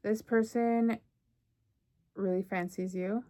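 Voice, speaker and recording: A woman's voice: medium pitch, steady tone, slow pace, warm tone. A young woman giving a casual tarot reading, chatty and thinking aloud with frequent fillers. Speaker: tarot reader.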